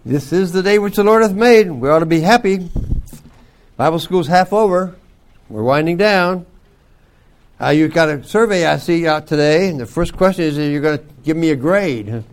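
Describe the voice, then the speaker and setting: An older man teaching a youth Bible school class, folksy and joking, with loud bursts for emphasis. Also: a little high, animated, moderate pace. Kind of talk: folksy devotional talk to youth.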